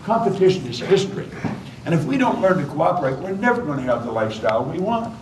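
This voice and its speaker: Older guy doing a motivational seminar, emphatic storyteller, pitch jumps all over, sounds far off in a big echoey hotel room. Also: sing-song, fast, slight background noise. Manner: emphatic storytelling, repeating key phrases. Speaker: motivational speaker. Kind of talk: seminar talk to a live audience.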